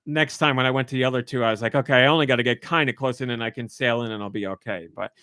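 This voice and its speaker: A man hosting a podcast in casual chat, telling stories with animated quoted voices. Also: rapid-fire, clear, resonant tone, no echo, clean studio sound. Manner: animated storytelling, voices quoted lines in a high excited pitch. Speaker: podcast host.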